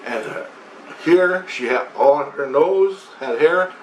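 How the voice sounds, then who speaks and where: A man's voice: a little high, lively intonation, takes it slowly. A man retelling a spiritual vision in casual, rambling storytelling, swearing often and restarting his sentences. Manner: rambling, profane, many restarts and repetitions. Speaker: vlogger. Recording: roomy echo, faint background noise.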